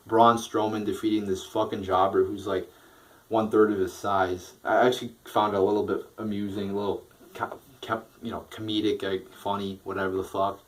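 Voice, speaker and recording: A young man with a slightly low voice rambles through a casual wrestling review. He swears constantly, fills gaps with ums and likes, and restarts his sentences often. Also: flat delivery, fairly quick, poor audio. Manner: profane, rambling with fillers and restarts.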